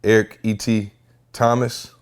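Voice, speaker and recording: A young adult man hosting a podcast, telling stories in a lively, chatty way and acting out other people's voices. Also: on the low side, unhurried, smooth. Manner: animated storyteller, acts out voices. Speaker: podcast host. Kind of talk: casual chat.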